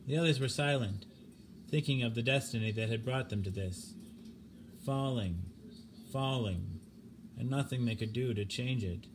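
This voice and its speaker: A man's voice: mid-range voice, normal speed, background noise. Grave man reading a story. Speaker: narrator. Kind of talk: audiobook reading of a short story.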